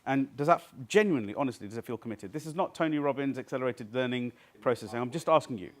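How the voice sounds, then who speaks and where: A man's voice: mid-range voice, fast. A man leading a live workshop, teaching a small group in an interactive way and often checking that they follow. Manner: interactive, keeps checking with the audience. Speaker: seminar trainer. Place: seminar room with a small group.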